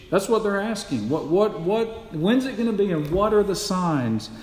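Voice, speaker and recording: A man preaches with a fairly high voice, pressing each point and repeating key phrases as he puts rhetorical questions to the congregation. His words ring through a roomy church hall. The reverb trails long after each phrase. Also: animated, moderate pace, hardly any pauses. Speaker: pastor. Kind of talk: sermon.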